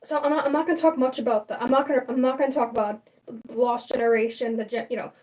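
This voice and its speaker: A woman's voice: a little high, fairly even intonation, fast, darkish tone, recorded from a distance, poor audio. A young adult woman hosting a casual livestream, rambling and opinionated with lots of fillers and restarts. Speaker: livestream host.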